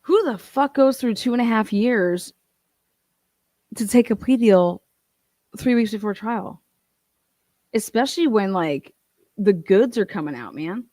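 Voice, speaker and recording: A woman's voice: medium pitch, lively intonation, unhurried, long pauses, warm tone, no room sound, clean studio sound. A woman hosting a commentary channel, ranting in a profane, combative way and acting out other people's voices. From Ohio.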